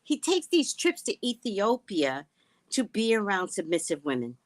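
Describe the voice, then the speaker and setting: A woman's voice: mid-range voice, sing-song, normal speed, no room sound, rough recording. A middle-aged woman hosting a casual live stream, talking bluntly and sassily to her viewers and laughing as she goes. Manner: blunt, sassy, laughing, addresses viewers as guys. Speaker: psychic reader and live host.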